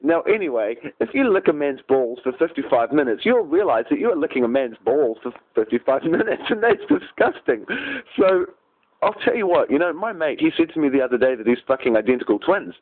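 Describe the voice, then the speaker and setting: A man spins a crude, absurd story off the top of his head, his pitch bouncing all over. He rambles and giggles at his own jokes. The sound is thin and tinny, like a phone line. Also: animated, fast talker. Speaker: vlogger telling an improvised rant. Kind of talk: improvised absurd storytelling rant.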